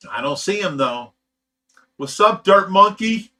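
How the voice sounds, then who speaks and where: Hosting a livestream for a fish rescue channel, a man with an Ohio accent tells a personal story bluntly and profanely, rambling and restarting often. His voice sits high, bright and forceful, with lively intonation and a slightly slow pace.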